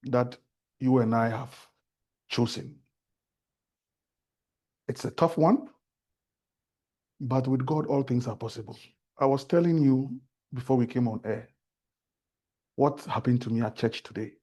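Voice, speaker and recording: Man, Ghanaian accent, talk-show guest, earnest preacherly storytelling, mellow warm tone. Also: mid-range voice, unhurried, long pauses. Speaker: guest speaker on faith.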